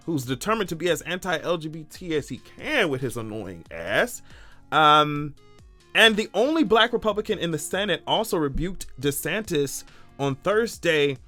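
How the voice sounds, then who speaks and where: A man giving sarcastic, animated, profane commentary in a casual vlog. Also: fairly high pitch. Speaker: commentary vlogger.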